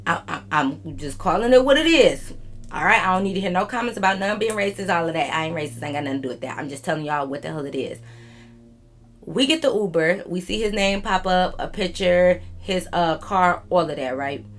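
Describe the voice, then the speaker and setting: A woman's voice: fairly low pitch, lively intonation, a little fast, soft background music. Chatty young woman rambling through a story. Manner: rambling, chatty, slangy, addresses viewers as y'all. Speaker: YouTube storyteller. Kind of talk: casual storytime vlog.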